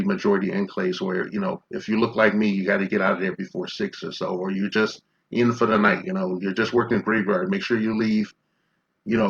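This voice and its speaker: A man's voice: on the low side, gravelly, a bit bright, dull audio. A man in his fifties from Chicago, ranting in confrontational, profane commentary full of rhetorical questions. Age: 50s. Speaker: commentary vlogger.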